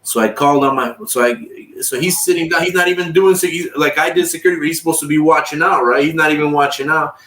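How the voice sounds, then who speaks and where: A man's voice: fairly high pitch, fast talker, hardly any pauses, bright, forceful tone. A man telling long, profane, rambling stories on a livestream and acting out what other people said. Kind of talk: casual storytelling. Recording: echoey room, far from the mic.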